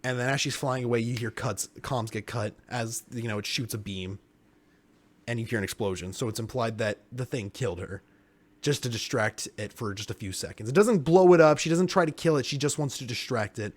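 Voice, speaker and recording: A young man co-hosting a casual podcast chat, excitable and swearing freely as he pitches story ideas and acts out scenes. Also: fairly quick. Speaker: podcast co-host.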